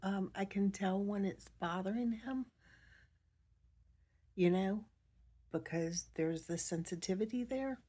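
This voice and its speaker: Middle-aged woman, soft and emotional personal monologue, slow and halting, fairly low mellow voice. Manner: soft-spoken, emotional, halting with many pauses. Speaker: vlogger.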